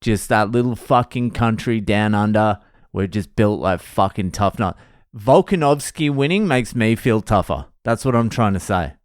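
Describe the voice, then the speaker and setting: A man's voice: on the low side, animated, normal speed, no room sound, studio quality. An Australian man hosting a solo podcast, rambling and self-mocking, with heavy swearing in casual talk. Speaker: podcast host.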